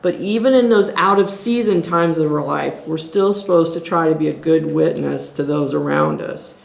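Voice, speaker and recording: In an echoey church meeting room, a woman with a low, gravelly voice leads a group Bible study at normal speed. Her teaching is earnest and exhorting, and she works through her thoughts out loud.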